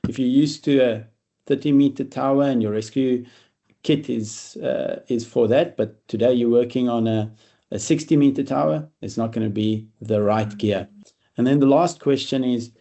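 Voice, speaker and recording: A man presents a safety session over a video call. His voice is mellow and dark in tone. He speaks in a relaxed way, often pausing with fillers and restarting his sentences. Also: medium pitch, highs cut off. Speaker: webinar presenter on work-at-height safety. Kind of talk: online presentation.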